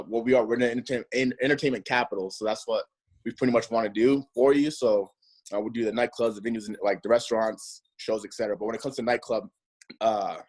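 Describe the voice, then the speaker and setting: Laid-back man rambling in interview. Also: mid-range voice. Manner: relaxed, rambling, heavy with fillers. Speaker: guest, nightlife host. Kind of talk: casual interview chat.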